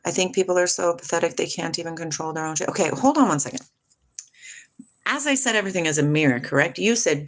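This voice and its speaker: A middle-aged woman hosting a casual spiritual livestream, reading viewers' comments aloud and answering them with lots of laughter. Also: fast talker. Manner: animated, laughs often, jumps between hushed and high. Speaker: livestream host reading chat.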